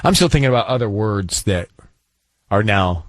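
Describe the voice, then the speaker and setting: A man's voice: fairly low pitch, lively intonation, moderate pace, no room sound. A man hosting a radio talk show, chatting with co-hosts in a joking, teasing way. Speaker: radio host. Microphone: studio microphone.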